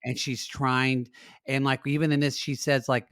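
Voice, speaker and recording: A man co-hosting a casual recap podcast, earnest and openly emotional. His voice sits mid-pitch for a man. The recording is dry and close. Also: level tone, moderate pace, fairly bright tone, smooth, dry recording. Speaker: podcast co-host.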